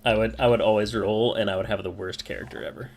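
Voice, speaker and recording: A man running a tabletop roleplaying game as dungeon master, talking in a relaxed, joking way with many fillers. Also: on the low side, fast talker, creaky, noisy background.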